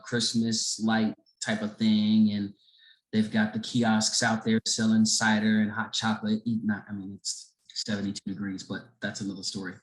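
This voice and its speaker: A middle-aged man from Chicago telling a story as a podcast guest, animated and acting out the people in it. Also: fairly low pitch. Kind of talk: casual storytelling. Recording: roomy echo.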